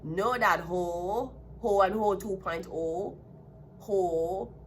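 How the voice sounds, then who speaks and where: Jamaican woman, tarot reader, blunt heated rant, medium pitch, faint hiss in background. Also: extremely slow. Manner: heated ranting, blunt and profane. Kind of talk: casual tarot reading vlog.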